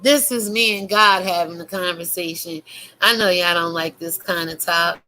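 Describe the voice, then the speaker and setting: Sex: woman. Role: YouTube preacher. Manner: fiery, cursing, bright voice. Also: lowish voice, moderate pace, poor audio. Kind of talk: religious rant to camera.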